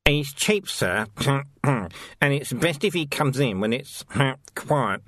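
A man voicing a fawning jailer in an audiobook who murmurs and clears his throat. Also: mid-range voice, lively intonation, slow pace, a bit bright, dry recording, clean studio sound. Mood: murmuring. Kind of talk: audiobook character voice.

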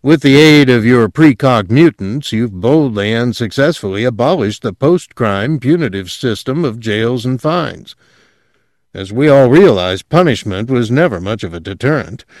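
A man's voice: mid-range voice, animated, moderate pace, dry recording, clean studio sound, lightly acted. A man voicing an ambitious young male official who speaks breezily and agreeably. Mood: assured. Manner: breezy, eager, smoothly agreeable.

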